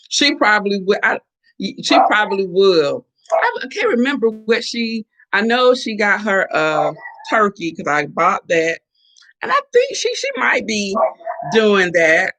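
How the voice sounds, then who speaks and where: A woman's voice: on the low side, vocal fry, a bit bright. A middle-aged woman hosting a casual morning live stream, chatting playfully and answering viewer comments.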